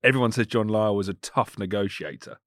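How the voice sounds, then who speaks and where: A man's voice: fairly low pitch, fairly quick, a bit bright, no room sound, clean studio sound. A man hosting a podcast, asking enthusiastic, leading questions in casual chat. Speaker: podcast host.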